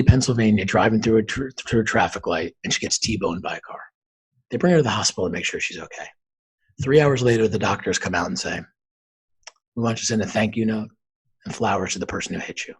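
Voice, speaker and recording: A man in his forties, a podcast guest, telling his story with lively acted-out dialogue. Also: fairly low pitch, breathy edge, low-quality recording. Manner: animated storyteller acting out quoted dialogue. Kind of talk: storytelling in an interview.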